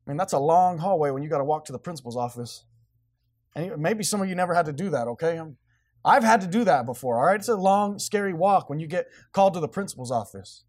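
A male pastor preaching a sermon, switching between quiet asides and loud, emphatic passages. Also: fairly high pitch, expressive, quick pace, dry recording, studio quality.

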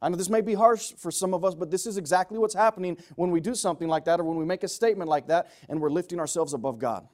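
Male preacher, high-pitched, emphatic delivery with big swings in volume. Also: quick pace, few pauses. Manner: emphatic, swinging from loud pleading to low quiet asides. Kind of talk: sermon.

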